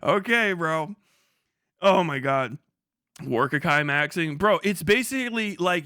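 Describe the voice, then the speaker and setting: A man's voice: high-pitched, animated, measured pace, sharp tone, dry recording, studio quality. A young man doing casual livestream commentary, profane and mocking, laughing often as he rambles. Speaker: live streamer.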